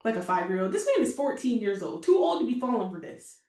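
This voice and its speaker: A woman's voice: mid-range voice, very animated, quick pace, warm tone, echoey room. A woman co-hosting a casual anime reaction chat, rambling along with many fillers and frequent laughs. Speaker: co-host.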